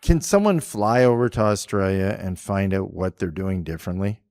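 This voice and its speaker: A man's voice: deep voice, normal speed, darkish tone. A man from Canada co-hosting a casual talk show on policy, chatty and rambling, often laughing. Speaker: podcast co-host. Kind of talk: casual chat about policy.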